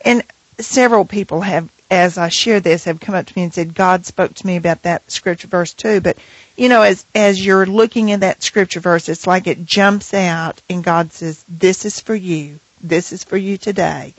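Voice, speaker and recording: A woman's voice: fairly low pitch, steady tone, dry recording, low-quality recording. Earnest woman sharing faith on radio. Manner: earnest, reflective, reads scripture slowly. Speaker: co-host of a Christian radio program. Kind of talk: personal testimony, sharing devotional reading.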